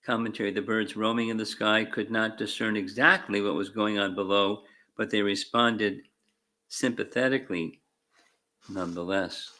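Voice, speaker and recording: A man reading scripture aloud in short deliberate phrases, calling out verse numbers and adding his own commentary with dry asides. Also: lowish voice, steady tone, bright, forceful tone. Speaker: spiritual teacher.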